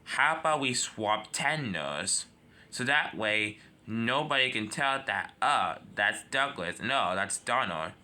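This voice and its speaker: A man's voice: medium pitch, animated, slow pace, pushed and bright, full character voice. A man voicing a cheeky prankster engine, talking in a scheming, giggly way.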